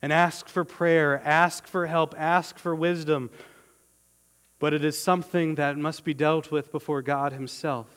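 An earnest male pastor delivers a sermon in a slightly high voice, leaning hard on key words and stretching them out. He often repeats himself as he builds a point. His voice rings with the long reverb of a church hall. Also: level tone, a little slow, a bit bright, clean tone.

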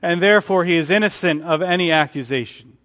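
A brisk, slightly bright male voice preaching a sermon, recorded with a long hall reverb. He gets higher and louder to stress his points and acts out the quotes he reads.

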